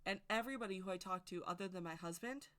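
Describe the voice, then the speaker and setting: Woman, casual vlog monologue, emphatic, rambling, bright sharp tone, addresses viewers directly. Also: mid-range voice, fast talker. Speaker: witchcraft video creator. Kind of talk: casual opinion monologue to camera.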